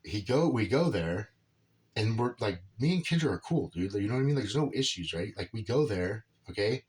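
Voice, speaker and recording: A man's voice: lowish voice, lively intonation, fairly quick, a little mellow, slightly rough. A man rambling casually through a personal story about his son, filling his talk with "right?" and "dude". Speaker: father telling a personal story.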